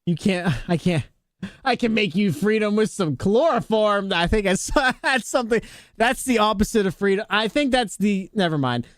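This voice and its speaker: Guy streamer with a high voice, goofing around with chat, laughs a lot, dry close mic. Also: animated, normal speed, a bit bright, dry recording. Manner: joking, laughs often, greets chatters by name. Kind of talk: casual live-stream chat with viewers.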